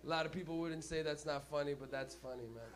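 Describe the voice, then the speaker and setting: Guy with a pretty high voice doing stand-up, swears a ton, keeps cracking himself up. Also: steady tone, fast, a crowd in the background. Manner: loose, profane, laughs at his own jokes. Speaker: stand-up comedian and host. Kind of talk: stand-up comedy. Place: comedy club stage.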